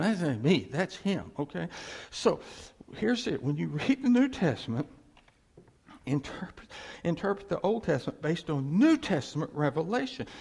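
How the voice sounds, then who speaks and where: A man's voice: a little high, creaky, slightly rough. A man preaching an informal sermon in a folksy way, repeating his points and chuckling between phrases.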